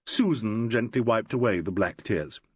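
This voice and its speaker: A man narrating a classic mystery audiobook in an expressive storytelling manner. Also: fairly low pitch, moderate pace, husky.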